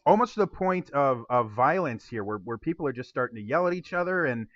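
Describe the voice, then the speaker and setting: A man's voice: mid-range voice, lively intonation, brisk, lo-fi sound. A young man narrating a tabletop game as game master, with a rambling delivery full of fillers.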